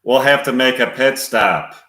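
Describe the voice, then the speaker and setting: A man putting on the mechanical, computer-like voice of a calm male talking car. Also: mid-range voice, unhurried, reverberant, voice pushed up, close to an everyday voice. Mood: polite.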